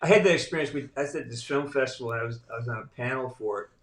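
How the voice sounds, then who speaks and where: A man's voice: mid-range voice, rapid-fire. A middle-aged man talking as a podcast guest, a blunt and profane storyteller. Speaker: guest voice actor. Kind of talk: casual podcast conversation. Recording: roomy echo.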